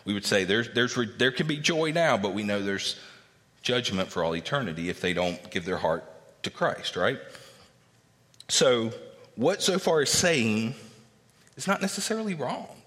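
A man, a pastor, giving a conversational sermon and Bible teaching, animated as he acts out the people he quotes, with many fillers and tag questions. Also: normal speed. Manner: animated, acts out quoted speakers with raised pitch. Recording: long reverb of a church hall.

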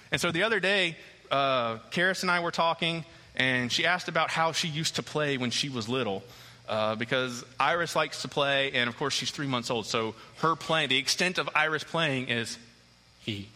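A man in his thirties preaching a sermon, an animated storyteller who acts out the scenes as he tells them. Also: mid-range voice, normal speed. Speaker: pastor. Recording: long hall reverb.

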